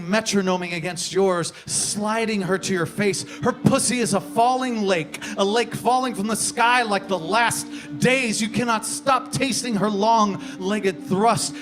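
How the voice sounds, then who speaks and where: A man performing an explicit spoken word poem, theatrical, moving from hushed lines to shouts. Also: sits high. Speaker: slam poet.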